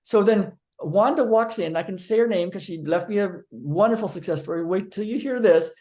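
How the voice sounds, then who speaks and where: Male therapist telling a personal story on camera, lively and rambling. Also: high-pitched, a little fast. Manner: animated storyteller, acting out quotes; frequent ums and restarts. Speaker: physical therapist. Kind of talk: storytelling monologue to viewers.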